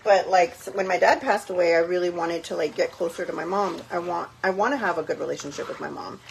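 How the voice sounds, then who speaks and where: Filming on a tripod-mounted phone in her home kitchen, a young cooking vlogger talks quickly in a fairly low voice with vocal fry. She's chatty, full of fillers, and drops in Spanish phrases. The audio is poor, with a little hiss or hum.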